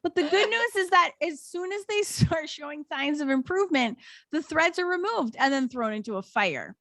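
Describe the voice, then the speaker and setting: A woman podcast host with a high, animated voice, giggling and sarcastic as she works through her notes. Her asides come quickly. She is recorded close on a dry mic. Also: no echo. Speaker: podcast co-host presenting research. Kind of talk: casual podcast chat.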